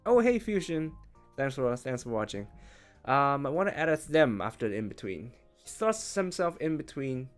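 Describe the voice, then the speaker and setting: A man working through a translation out loud in a casual, chatty way, thinking as he goes. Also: mid-range voice, very animated, moderate pace, soft background music. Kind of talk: casual live-translation commentary.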